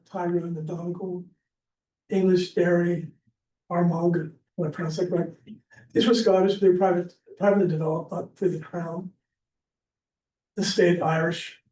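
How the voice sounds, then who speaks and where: Man giving a rambling church history class, high mellow voice, distant mic, echoey room. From Pennsylvania. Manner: chatty, rambling, with many fillers and restarts. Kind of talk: informal history lecture.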